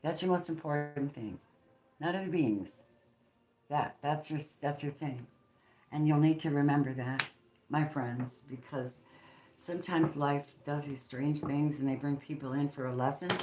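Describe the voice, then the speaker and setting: Woman tarot reader, deep voice, roomy echo, channeling spontaneously, emphatic and blunt. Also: a little slow. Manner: emphatic and preachy, swinging between hushed and forceful, with blunt swearing. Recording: roomy echo with faint background noise.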